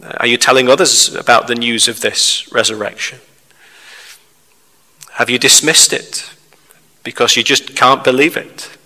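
Bright-voiced man preaching in a hall. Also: mid-range voice, fairly even intonation. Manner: measured, asks the listeners rhetorical questions. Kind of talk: sermon. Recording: reverberant hall.

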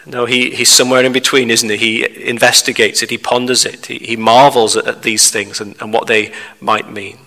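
Bright-voiced man preaching in a hall. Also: medium pitch, level tone. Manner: measured, asks the listeners rhetorical questions. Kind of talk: sermon. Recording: reverberant hall.

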